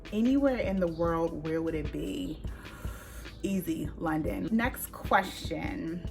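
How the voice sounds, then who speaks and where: A woman YouTuber answering Q&A questions in a casual, chatty way, full of fillers and quick laughs. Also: lowish voice, creaky, fairly bright tone. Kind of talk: casual Q&A vlog.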